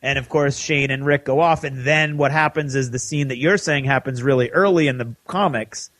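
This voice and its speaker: A man co-hosting a podcast who gives an animated recap of a TV episode and acts out the characters' lines. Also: mid-range voice, no room sound. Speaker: podcast co-host.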